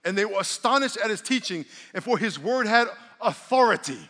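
A man's voice: sits high, expressive, brisk, bright, forceful tone, in a large hall. A male pastor preaching a sermon, calling on the congregation to respond and slipping in jokes. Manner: preaching with call-and-response and humor.

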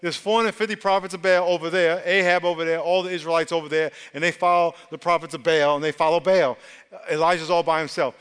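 High, clear preacher in a hall. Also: male voice, quick pace. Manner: call-and-response preaching, animated and emphatic. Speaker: pastor. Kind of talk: sermon. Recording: long hall reverb.

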